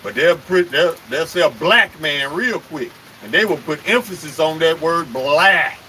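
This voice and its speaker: Bright-voiced, high-pitched fiery male preacher. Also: lively intonation, measured pace, a little hiss or hum, low-quality recording. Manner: emphatic and confrontational, with rhetorical questions and cursing. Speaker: street preacher leading a live stream. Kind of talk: impassioned live-stream preaching.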